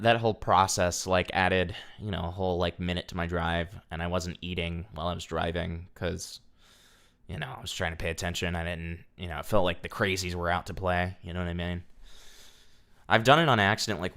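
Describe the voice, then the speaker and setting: A man's voice: sits low, fairly bright tone. A young man streaming casually, telling a profane, ranting story to his chat.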